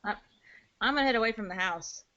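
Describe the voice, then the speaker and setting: A woman's voice: mid-range voice, fast talker, bright, forceful tone. A woman playing a tabletop game, agreeable and a little stammering. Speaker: player. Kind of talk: casual tabletop play. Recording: dull lo-fi audio.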